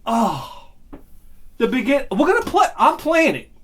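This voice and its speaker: A man talking in a rambling, excitable monologue about music, swearing freely and swinging between loud bursts and low muttering. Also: measured pace. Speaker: music and audio vlogger.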